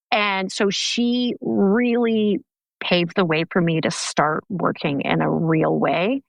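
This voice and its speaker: A woman filmmaker, a guest on a podcast, chatting in an animated, grateful way. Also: on the low side, takes it slowly, vocal fry, dry recording. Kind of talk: casual podcast chat.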